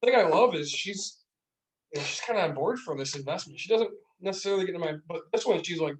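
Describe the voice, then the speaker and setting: Fast and high-voiced, a beer podcast co-host rambles through animated stories thick with fillers in casual chat from a small room. The mic is distant and the recording quality is low.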